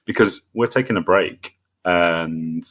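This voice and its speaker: Man podcast co-host, casual banter, low voice, laid-back. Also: slow pace, a bit bright. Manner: easygoing, laughing, hesitant with fillers. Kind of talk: casual chat.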